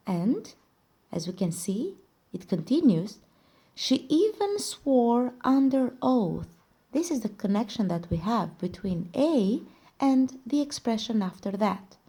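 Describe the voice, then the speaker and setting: A woman's voice: a little high, sing-song, dark tone, slightly rough. A woman teacher, not a native English speaker, walking students through a reading exercise, asking questions and then giving the answers herself. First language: Albanian. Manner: slow, careful explaining, asks and answers her own questions. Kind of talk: recorded classroom lesson.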